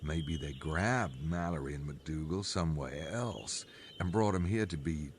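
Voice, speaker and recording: An actor playing a wry male detective in a video game, with a deep drawling put-on Southern accent. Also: a little slow, slight background noise. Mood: dry. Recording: game audio with faint background ambience.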